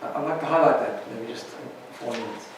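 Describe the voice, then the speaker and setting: A man's voice: medium pitch, fairly quick, distant mic, a little hiss or hum. Chatty rabbi man in an echoey room. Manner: chatty, keeps asking "right?". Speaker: rabbi teaching a class. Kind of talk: informal Torah lesson.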